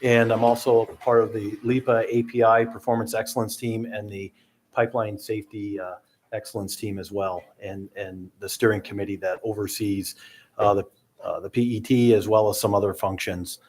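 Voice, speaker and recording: Company president, middle-aged man, low and monotone, businesslike with many fillers, conference panelist. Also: normal speed, a little hiss or hum. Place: hotel ballroom conference session.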